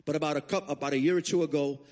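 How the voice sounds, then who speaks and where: A man preaching as a guest speaker, telling his testimony as an animated story with frequent restarts. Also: a little high, racing. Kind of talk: sermon testimony.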